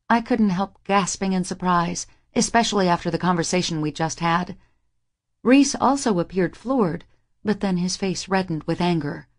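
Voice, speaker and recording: A young woman narrating a first-person romance audiobook in an intimate, even manner. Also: on the low side, a little slow.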